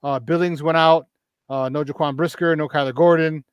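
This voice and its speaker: A man's voice: a little high, fairly even intonation, moderate pace, smooth, no room sound, dull audio. A man hosting a sports talk show, chatting and rattling off season records, often restarting his sentences. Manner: conversational, rattles off stats, many restarts. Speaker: sports radio host.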